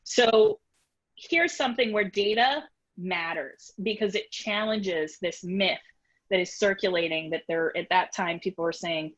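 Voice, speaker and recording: A woman's voice: on the low side, expressive, unhurried. Woman with a Boston accent, muffled call audio. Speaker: media researcher panelist. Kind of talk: academic panel discussion.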